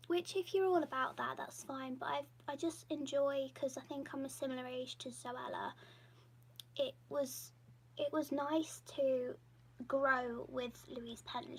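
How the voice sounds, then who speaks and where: A woman chatting casually on a live stream, soft and half-whispered, rambling while she draws. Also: sits high, slightly rough, poor audio. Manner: drawing while she talks. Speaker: YouTuber and artist.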